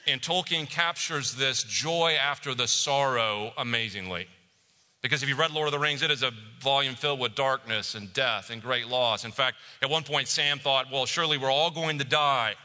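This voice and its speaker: A man preaching a sermon as a pastor, telling stories with animation and dropping to a hush for reflective moments. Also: medium pitch, long reverb tail.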